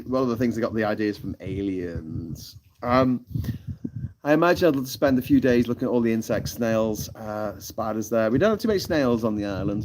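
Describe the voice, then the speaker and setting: A British man chatting casually on a live stream, rambling and swearing now and then. His voice sits a little low. Loud outdoor noise runs under the whole recording. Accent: British English. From United Kingdom. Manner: rambling, swears freely, laughs at his own jokes. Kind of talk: casual chat reading live chat. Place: outdoors on a tropical island.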